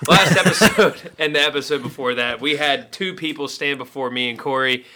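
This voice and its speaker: A man's voice: on the high side, moderate pace, a crowd in the background. A man co-hosting a casual podcast, telling a funny story, swearing and laughing as he goes. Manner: joking storyteller, swears freely, laughs through his lines. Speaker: podcast co-host. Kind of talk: casual chat.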